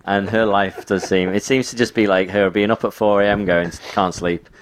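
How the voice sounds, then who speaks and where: A man's voice: lowish voice, fairly even intonation, brisk, smooth. A man co-hosting a podcast in casual chat, mostly chipping in with short, dry remarks. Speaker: podcast co-host.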